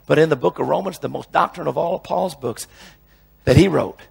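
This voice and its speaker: A man's voice: on the high side, brisk, creaky. A male preacher teaching a sermon in an emphatic way, often repeating phrases and restarting his sentences.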